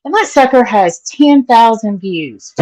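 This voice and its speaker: Slow-talking Southern woman vlogger. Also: fairly high pitch, animated, darkish tone, low-quality recording. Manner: chatty, laughs often, greets viewers by name. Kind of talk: casual chat with live viewers.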